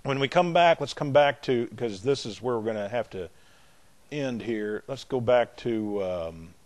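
A man's voice: medium pitch, expressive. An older man with a Southern American accent preaching a sermon, leaning hard on key words and repeating them as he builds his point. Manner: emphatic, drawn-out delivery that swells in loudness on key words.

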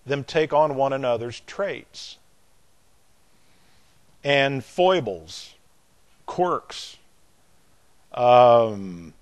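A man's voice: medium pitch, expressive. An older man with a Southern American accent preaching a sermon, leaning hard on key words and repeating them as he builds his point. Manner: emphatic, drawn-out delivery that swells in loudness on key words.

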